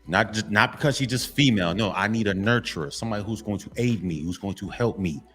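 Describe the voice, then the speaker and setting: A man's voice: on the low side, fast talker, faint music behind. A man giving a blunt, repetitive motivational monologue to men, lecturing and half-censoring his swearing. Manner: repetitive, lecturing, keeps addressing "gentlemen". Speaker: men's motivational vlogger.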